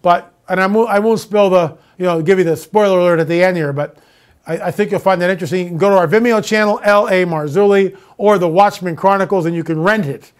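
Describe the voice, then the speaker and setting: A man hosting his own show, ranting with indignant repeated questions and then slowly building a story. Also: high-pitched, clear, resonant tone. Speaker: show host. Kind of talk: monologue to viewers.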